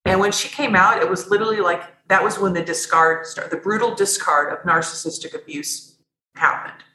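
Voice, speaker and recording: A woman's voice: lowish voice, fairly quick, pushed and bright, reverberant, rough recording. A woman guest on a podcast, telling her own story candidly and earnestly, often restarting her sentences. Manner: earnest, rambling, frequent restarts.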